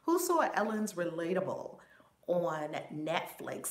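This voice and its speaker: A woman reverend hosting a live stream, warmly greeting chat viewers one by one in an effusive, upbeat way. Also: medium pitch, sing-song, measured pace. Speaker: reverend and spiritual teacher. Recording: roomy echo, faint background noise.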